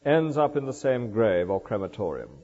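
A man's voice: fairly low pitch, moderate pace. Older guy preaching in a church, very up-and-down voice, muffled old recording. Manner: lively expository preaching, rhetorical asides. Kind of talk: sermon. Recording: dull lo-fi recording in a reverberant church.

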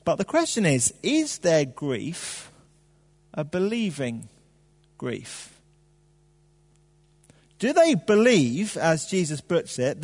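A man's voice: fairly high pitch, a little slow. Male preacher, chatty sermon delivery, rhetorical questions, reverberant church hall. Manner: animated, conversational preaching with fillers and rhetorical questions.

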